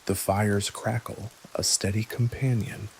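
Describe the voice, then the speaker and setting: A man gently telling a scripted bedtime history story in the second person, with dry little jokes. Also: lowish voice, level tone, unhurried, vocal fry, a little hiss or hum, poor audio. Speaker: narrator. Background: soft rain.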